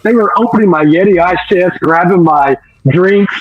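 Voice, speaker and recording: A man, co-hosting a barbecue chat and telling an animated story, laughing often. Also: high voice, normal speed, narrow, tinny audio. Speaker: barbecue podcast co-host.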